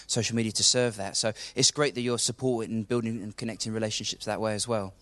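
Quick upbeat man interviewing on stage. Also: on the low side, steady tone, fairly bright tone, no room sound. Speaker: church leader hosting on stage. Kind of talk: on-stage interview at a church service. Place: church hall with congregation.

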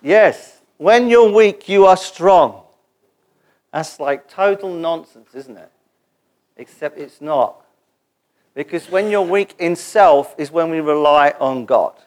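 A man preaching a sermon in a church gathering, animated and joking as he leads the congregation in call-and-response. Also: a little high, slow.

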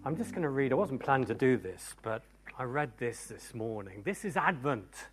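A man preaching a sermon to a church congregation, emphatic and animated, moving from loud cries to hushed tones. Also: medium pitch, normal speed. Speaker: pastor. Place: church service before a congregation.

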